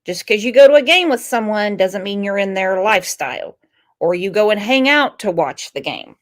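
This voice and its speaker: A woman's voice: medium pitch, animated. A woman hosting a true crime channel, talking casually and reading viewer comments aloud. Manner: unhurried, chatty, reads viewer comments aloud. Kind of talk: casual live-stream commentary.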